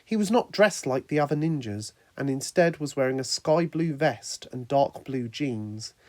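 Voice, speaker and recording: A man's voice: medium pitch, lively intonation, moderate pace, a little mellow, no echo. Man reading a story in a dry room. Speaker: narrator. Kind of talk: reading a fan fiction story aloud.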